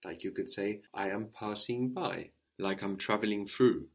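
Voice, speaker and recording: A man with a somewhat low voice gives a French lesson at an unhurried pace. He explains patiently and repeats each phrase so his student can follow. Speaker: French teacher. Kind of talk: language lesson.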